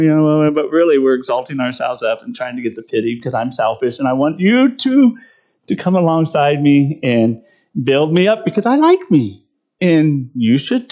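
A man's voice: on the high side, darkish tone, dull audio. A middle-aged man preaching a conversational sermon, poking fun at himself and often asking "right?". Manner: conversational, self-deprecating, tags lines with "right?". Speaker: pastor.

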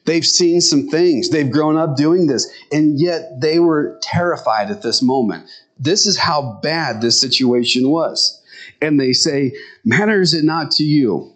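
Animated ranch-raised preacher, slightly high voice. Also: male voice, a little slow. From grew up on a ranch. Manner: animated storytelling, acts out the disciples in high yelling voices. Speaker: pastor. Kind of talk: sermon.

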